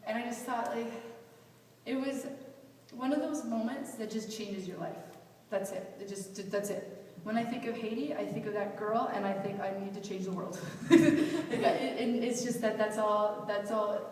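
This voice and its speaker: A young adult woman giving a personal storytelling talk at a youth event, animated and acting out the dialogue she recounts. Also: medium pitch, normal speed, slight background noise. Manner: animated, acts out quoted dialogue. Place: event hall. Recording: echoey hall from far off.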